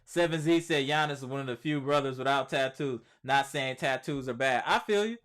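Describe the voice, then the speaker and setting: A sports channel host runs a casual live stream, reading viewer comments aloud and answering them in chatty slang while repeating his points for emphasis. His mid-range voice is brisk, a bit bright, and level in tone.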